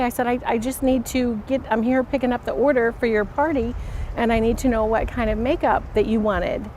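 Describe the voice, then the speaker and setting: A woman in an interview clip, recounting a phone call and acting out both voices in an animated way. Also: on the high side, moderate pace, a little hiss or hum. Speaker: former sister-in-law. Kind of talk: interview recollection.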